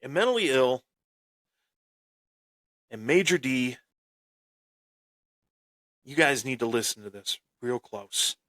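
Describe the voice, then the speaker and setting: A man spins a tale at an unhurried, drawn-out pace, bragging like a wrestling heel and jumping into loud outbursts. He repeats himself as he goes. The sound is dry and close, with no room around it. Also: mid-range voice, animated, no room sound. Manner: boastful heel bravado with sudden loud bursts; repeats and restarts phrases. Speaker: podcast host. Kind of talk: boastful storytelling on a wrestling podcast.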